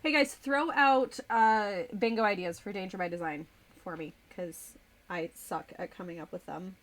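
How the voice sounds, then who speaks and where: A woman's voice: medium pitch, moderate pace. A woman streamer in casual live-stream chat, chatty and a little distracted as she reads chat aloud and types. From United States.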